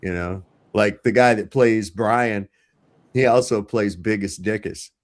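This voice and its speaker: A man's voice: lowish voice, measured pace. A man hosting a livestream over a video call, chatting casually and telling crude, profane stories with animation. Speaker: livestream host. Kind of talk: casual chat.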